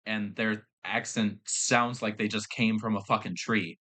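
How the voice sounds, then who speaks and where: Brief: young male podcast host, bright forceful tone, rambling and profane. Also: lowish voice, steady tone, measured pace. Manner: rambling, swears freely, frequent fillers. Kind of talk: casual storytelling chat.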